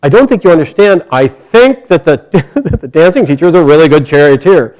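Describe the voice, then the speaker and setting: A man's voice: high-pitched, animated, moderate pace, mellow. Man playing an insistent woman servant.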